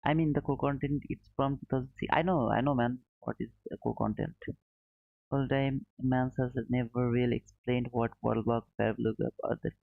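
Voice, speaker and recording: A man with a non-native English accent hosting a live trading stream, explaining slowly, repeating points and answering viewers by name. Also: medium pitch, steady tone, gravelly, no room sound, narrow, tinny audio. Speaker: livestream trading host.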